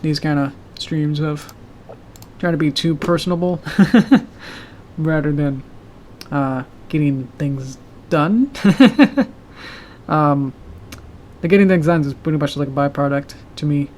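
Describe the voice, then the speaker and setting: Man, slightly high voice, sore tired throat, halting casual stream chat, fillers, faint heater hum. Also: fairly even intonation. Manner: halting, with filler words and soft laughs. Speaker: animator streamer. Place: home room with a loud heater.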